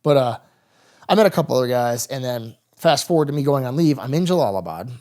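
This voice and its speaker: A man in his thirties, a veteran guest on a podcast, telling stories casually and acting out the dialogue. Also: medium pitch. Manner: rapid, animated anecdotes with quoted dialogue. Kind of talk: casual storytelling interview.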